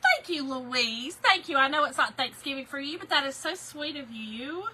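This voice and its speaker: A bubbly woman hosting a live stream, her voice bright and high and swinging up and down. She laughs easily, greets her viewers by name and gets teary over kind words. A faint hum of noise sits behind her. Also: animated, moderate pace, low-quality recording. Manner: Southern-style slang, greets viewers by name, laughing and emotional. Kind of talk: chatty live-stream vlog.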